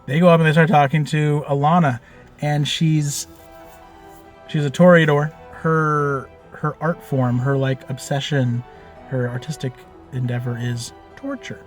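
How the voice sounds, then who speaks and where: A man telling the story of a tabletop game he ran as game master, in a loose, animated way with lots of fillers and casual swearing. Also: on the high side, a little slow, faint music behind.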